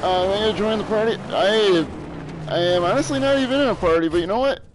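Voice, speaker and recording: A man's voice: high voice, a little fast, noisy background. A young man streaming a video game, rambling casually, joking and swearing freely. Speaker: gaming streamer. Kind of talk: casual live-stream commentary.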